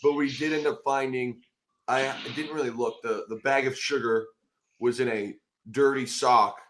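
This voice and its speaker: A man in his thirties hosting a podcast, telling stories in a casual, animated way and bursting into shouted quotes. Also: medium pitch, normal speed, slight background noise. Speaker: podcast host, former football player. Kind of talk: casual storytelling chat.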